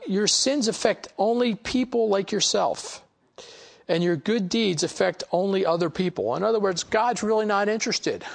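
This man has a high, creaky voice. He leads a Bible study, reading passages out loud and talking them over conversationally, often dropping in "you know."

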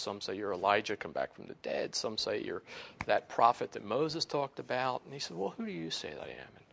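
Gravelly-voiced male pastor preaching. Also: medium pitch, bright, forceful tone. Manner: storytelling, acts out quotes, laughs often. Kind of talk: sermon.

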